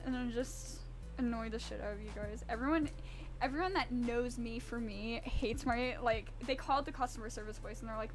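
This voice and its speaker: A woman's voice: a little high, a little fast, faint music behind. A woman streamer rambling casually and swearing freely while baking in her home kitchen. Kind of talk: casual live-stream chat.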